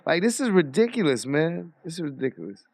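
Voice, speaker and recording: A man's voice: a little high, very animated, fairly quick, vocal fry, a little mellow, no room sound. Man, streamer, casual slang, incredulous reactions, dry close desk mic. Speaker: streamer commenting on trial footage. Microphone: dynamic desk mic.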